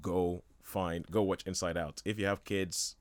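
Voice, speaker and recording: A man's voice: deep voice, fairly even intonation, measured pace, no echo. A man talking casually and enthusiastically about a film as a radio show regular, rambling with many restarts and laughs. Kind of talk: casual chat.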